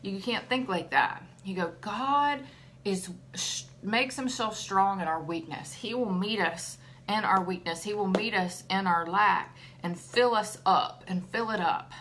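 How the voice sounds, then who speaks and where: A woman's voice: mid-range voice, a little slow, hardly any pauses, fairly bright tone, a little hiss or hum. A middle-aged woman hosting a casual devotional talk, chatty and laughing often. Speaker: ministry host.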